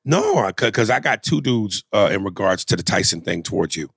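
A man's voice: sits low, animated, fairly quick, gravelly, fairly bright tone, slightly rough, no echo, studio quality. A man co-hosting a casual podcast chat, joking loosely and swearing freely. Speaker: podcast co-host.

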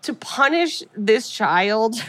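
A woman in her thirties co-hosting a podcast, animatedly retelling a film's plot in casual chat and dropping into quick character voices. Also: a little high, lively intonation, a bit bright, no echo. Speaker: podcast co-host recapping a film.

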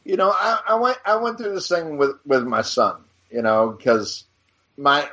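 A man's voice: mid-range voice, fairly bright tone. A man co-hosting a casual chat, telling stories in a rambling, profane way with lots of restarts. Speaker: podcast co-host. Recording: dull lo-fi sound.

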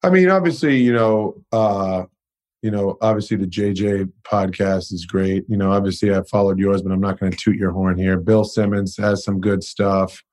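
A young man with a fairly low voice talks as a podcast guest in a loose, unguarded way. He swears freely and leans on lots of "you know" and "like". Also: steady tone, moderate pace, a little mellow. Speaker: guest, pro basketball player. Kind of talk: casual interview chat.

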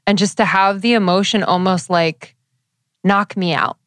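A woman's voice: mid-range voice, fairly even intonation, moderate pace, a bit bright, dry recording. A woman co-hosting a casual chat, speaking earnestly and reflectively with casual swearing. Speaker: podcast co-host.

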